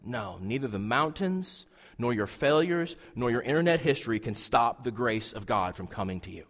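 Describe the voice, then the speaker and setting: A man's voice: mid-range voice, animated, moderate pace. Dynamic male preacher in a reverberant church. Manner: dynamic preaching, swinging from loud emphasis to hushed near-whisper. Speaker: pastor. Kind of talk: sermon. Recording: long hall reverb.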